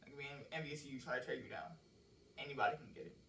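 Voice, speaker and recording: A man's voice: mid-range voice, steady tone, fast, bright, forceful tone, slight background noise. Rambling man in an echoey room. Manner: loose, rambling, curses freely. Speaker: songwriter explaining his lyrics. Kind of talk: casual lyric breakdown. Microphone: cheap microphone with laptop and phone. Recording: roomy echo, mic set far off.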